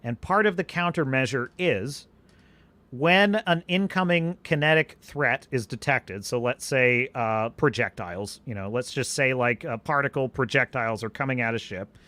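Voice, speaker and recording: A man's voice: mid-range voice, moderate pace. A man hosting a live stream, chatting in a rambling way and answering viewers' questions. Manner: animated, rambling, restarts sentences. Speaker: podcast host.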